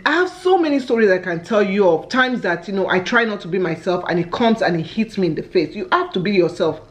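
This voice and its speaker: A woman from Nigeria with a Nigerian English accent, chatting as a family vlogger while eating on camera, a lively storyteller who exclaims often. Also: mid-range voice, fast.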